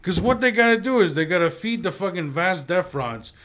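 Bright-voiced crude storytelling man. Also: sits high, brisk. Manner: crude, animated storytelling, swearing freely. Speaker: podcast co-host. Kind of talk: casual comedy podcast chat.

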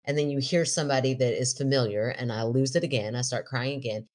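Middle-aged woman, podcast co-host, very deep voice, lively storyteller. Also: fast. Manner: animated storyteller, laughs often, quotes herself in a raised voice. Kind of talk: casual chat, storytelling.

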